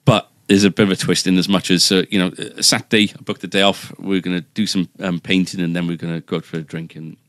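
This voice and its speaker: A man's voice: low-pitched, little pitch movement, fast, few pauses, a bit bright, no room sound, studio quality. A man telling a rambling, self-deprecating story in a casual chat, with many restarts. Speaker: guitar shop staff member.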